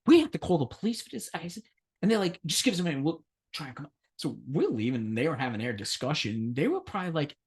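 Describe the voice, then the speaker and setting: A man's voice: on the high side, very animated, quick pace. A man co-hosting a podcast, telling a long anecdote in casual chat. He swears a lot, laughs often and acts out the voices of the people in his story. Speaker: podcast co-host.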